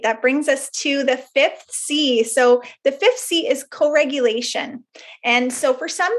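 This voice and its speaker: Higher-voiced woman presenting a webinar. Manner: explanatory, with fillers and examples.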